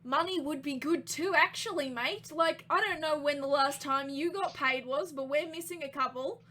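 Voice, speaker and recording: A woman voicing an angry, burly lion-folk male ship's chef with an Australian accent, loud and swearing. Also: high voice, moderate pace. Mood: angry ranting.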